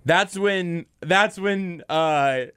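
A man hosting a sports talk radio show, delivering brash, animated hot takes at a rapid clip. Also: high voice, clean tone, dry recording. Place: radio studio.

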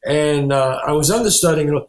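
A man, an actor and writer, telling animated anecdotes in an interview, acting out the people he quotes. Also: on the high side, moderate pace, echoey room. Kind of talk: storytelling interview.

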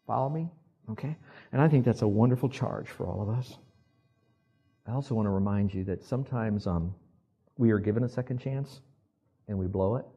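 A male pastor preaching a sermon, telling animated stories and acting out the quotes. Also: on the low side, a little fast, long pauses, slightly rough. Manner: animated storyteller who acts out quotes.

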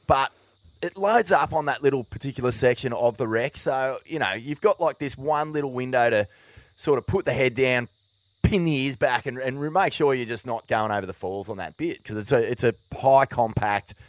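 A man's voice: medium pitch, no room sound. A young Australian man chatting casually as a co-host, dropping swear words and self-mocking laughs. His voice sits close and dry to the microphone, with no room sound around it. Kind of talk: casual podcast chat.

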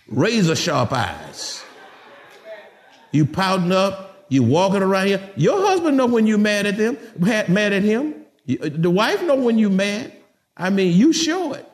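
Male pastor, middle-aged, high lively voice, folksy sermon delivery to his flock. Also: unhurried. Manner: animated preaching, folksy asides to the congregation.

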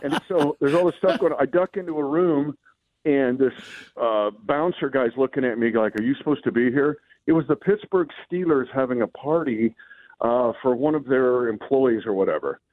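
A male sports broadcaster telling an animated story in casual radio chat, acting out the voices of people in it. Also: medium pitch, normal speed, dry recording. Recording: dry, phone-like line.

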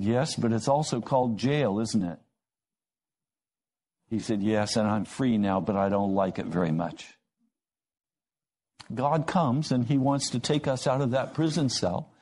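A man preaching a sermon, telling stories and acting out the voices in them with lively rises in pitch. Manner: storytelling, acting out quoted dialogue with rising pitch.

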